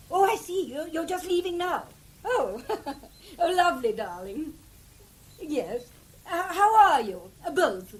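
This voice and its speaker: A woman's voice: very high-pitched, full character voice. An actress playing a flustered aristocratic English lady in a 1950s radio play, fluttery and exclamatory.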